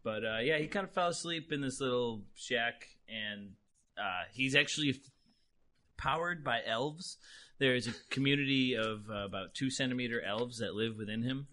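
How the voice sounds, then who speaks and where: A young man, a player at a tabletop game, describing his character in a hesitant, halting way. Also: mid-range voice, bright, forceful tone.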